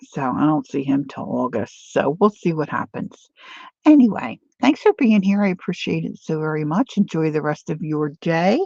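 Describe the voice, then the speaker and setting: A woman's voice: low-pitched, expressive, moderate pace, vocal fry, dark tone, dry recording, lo-fi sound. A woman chatting casually to viewers while she works on a paper craft journal, talking things over with herself as she goes. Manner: chatty, reads viewer comments aloud. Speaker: craft vlogger.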